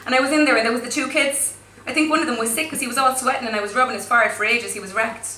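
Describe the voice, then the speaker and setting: Brief: woman voicing a brash teen girl, thick Cork City accent, loud bragging storyteller, bright tone. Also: fairly high pitch, fairly even intonation, very fast, echoey room, far from the mic, a little hiss or hum. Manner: swaggering, swearing, rambling storytelling. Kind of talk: flash fiction read aloud.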